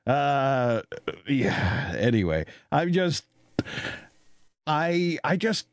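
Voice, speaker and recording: Rambling, animated Canadian man host. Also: medium pitch, very slow, no echo, studio quality. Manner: rambling, animated, laughs often, many fillers. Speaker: radio talk show host. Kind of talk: casual storytelling chat.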